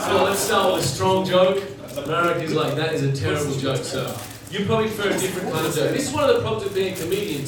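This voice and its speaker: A man doing a stand-up comedy set with a deadpan delivery, bantering with people in the front row. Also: on the high side. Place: comedy bar venue, indoors. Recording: echoey, distant, noisy room recording.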